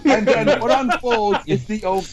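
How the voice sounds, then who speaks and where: A man's voice: high-pitched, normal speed, crowd noise, rough recording. A man co-hosting a podcast outdoors at a campfire, telling rambling stories, swearing and acting out quotes. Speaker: podcast co-host. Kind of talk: casual storytelling chat.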